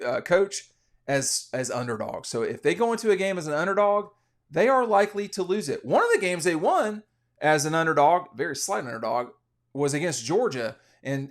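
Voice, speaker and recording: A man hosting a casual college football podcast, giving rambling, opinionated betting commentary with frequent restarts. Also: on the high side. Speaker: sports podcast host.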